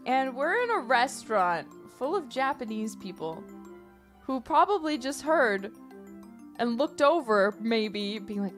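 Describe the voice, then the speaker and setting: A woman livestreamer rambling playfully and loudly to her chat. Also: fairly high pitch, sing-song, a little slow, faint music behind.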